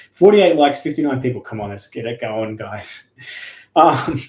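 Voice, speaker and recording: A man's voice: mid-range voice, animated, measured pace, a little mellow, recorded from a distance. A man hosting a livestream and telling a story casually, in a loose, chatty way with plenty of fillers. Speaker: livestream host. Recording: roomy echo.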